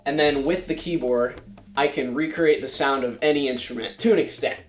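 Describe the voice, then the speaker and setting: A teenage boy talks through his project slides in a relaxed, chatty way, explaining each step as he goes. His mid-pitched voice rings out in a roomy space. Faint music plays underneath. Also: normal speed. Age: late teens. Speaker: student presenter. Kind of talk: casual slideshow presentation. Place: school presentation room.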